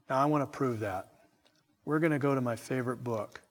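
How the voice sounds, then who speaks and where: A middle-aged man preaching a sermon with slow, emphatic delivery and chatty asides to his congregation. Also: mid-range voice, big-room sound. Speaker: pastor.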